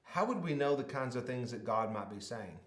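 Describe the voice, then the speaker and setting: In a playful kids' devotional video, a children's ministry host laughs and coaxes a child through a mouthpiece game, then turns it into a short Bible lesson. His medium-pitched voice is animated and a little fast, and the room is echoey.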